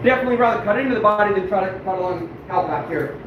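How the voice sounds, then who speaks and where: High, lively man swearing in an echoey room. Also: rapid-fire, lo-fi sound. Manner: swears often, talks to viewers as he works; frustrated and self-deprecating. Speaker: fur trapper. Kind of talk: casual live-stream demonstration. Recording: echoey room, mic far off, background noise.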